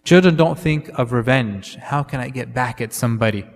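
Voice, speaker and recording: A man's voice: mid-range voice, normal speed, vocal fry, slight background noise. Man, preacher, conversational sermon, Arabic fillers, long hall echo.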